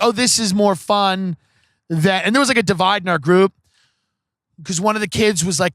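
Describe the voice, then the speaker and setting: A man with a high, bright voice telling comic stories on a podcast, loose and profane with many "like"s. The recording is dry and close, with no room sound. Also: no echo. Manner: casual, profane, rambling with many "like"s. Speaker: podcast host. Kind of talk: comedic storytelling.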